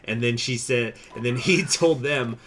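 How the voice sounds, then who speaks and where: A man streaming a strategy game, chatting casually with viewers, rambling, laughing and jumping into high excited bursts. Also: measured pace, a little hiss or hum. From United States. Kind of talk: casual game commentary with chat.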